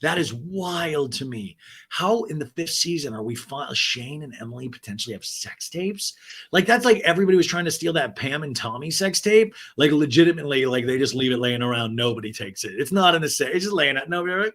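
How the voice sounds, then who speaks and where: A man hosting a podcast, recapping a reality show in a snarky, profane, casual style and putting on mocking high voices for quotes. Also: animated, fairly quick, fairly bright tone. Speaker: podcast host.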